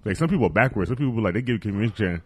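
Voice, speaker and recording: A young man co-hosting a podcast, telling profane stories about celebrity gossip and laughing loudly. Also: fairly low pitch, animated, racing, breathy edge. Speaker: podcast co-host. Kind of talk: crude casual banter.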